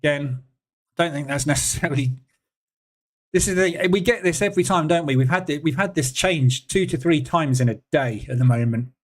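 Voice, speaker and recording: A British man with a fairly high voice hosts a live trading stream at a brisk pace. He chats casually and thinks out loud, filling his speech with fillers as he reads viewers' messages and replies to them.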